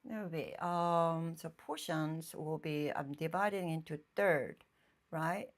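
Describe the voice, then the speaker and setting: A woman painter chatting casually on a live stream from her home painting room, thinking aloud in halting phrases and often checking in with her viewers. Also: low-pitched. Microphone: phone streaming live.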